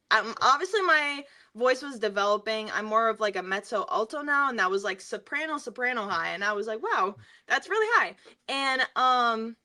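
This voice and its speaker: A woman's voice: a little high, pushed and bright. A young woman, a singer and interview guest, telling stories casually with lots of fillers and frequent laughter. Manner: chatty, filler-heavy, laughs often while telling stories.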